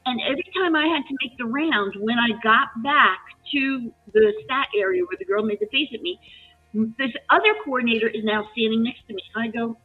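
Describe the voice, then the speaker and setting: A woman's voice: fairly high pitch, brisk, husky. Woman telling a story over a tinny line. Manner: animated, emotional retelling with restarts. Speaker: live chat guest. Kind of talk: casual storytelling chat. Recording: tinny phone-line audio with faint music.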